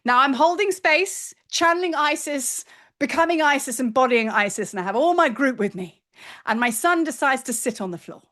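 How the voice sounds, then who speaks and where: A middle-aged woman, a spiritual teacher telling a story in a chatty, animated vlog. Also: high voice, normal speed. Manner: animated, chatty, acts out quoted voices.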